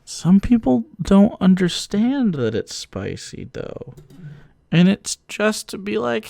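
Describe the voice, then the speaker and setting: Swearing, lively-voiced male streamer. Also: high-pitched, slow pace, creaky. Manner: profane, ranting, laughs a lot, swings between mumbling and yelling. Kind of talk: livestream reaction commentary.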